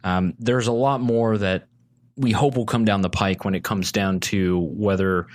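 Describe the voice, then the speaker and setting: Male guest, lowish voice, earnest persuasive talker, casual podcast chat. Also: fairly even intonation, normal speed. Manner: earnest, persuasive, lots of restarts. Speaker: guest, consumer advocate.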